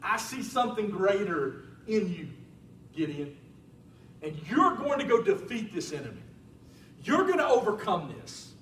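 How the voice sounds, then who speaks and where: A man voicing God as a calm, reassuring divine speaker, talking softly and slowly. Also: high-pitched, a little hiss or hum, heavily acted. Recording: roomy church sound from a distant mic.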